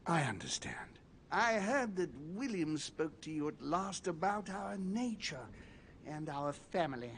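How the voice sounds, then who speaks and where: A courtly, guarded nobleman welcomes a newcomer in a story game. His formal, measured speech sits a little high and moves with a lively lilt. A faint ambient hum runs behind him. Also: full character voice. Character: courtly older male nobleman, calm and guarded. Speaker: game character. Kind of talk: video game voice acting.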